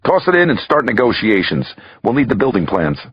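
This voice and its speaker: A man voicing a calm, commanding tactical team chief laying out a plan. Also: medium pitch, fairly quick, breathy edge, no echo, highs cut off, pitched above the performer's own voice.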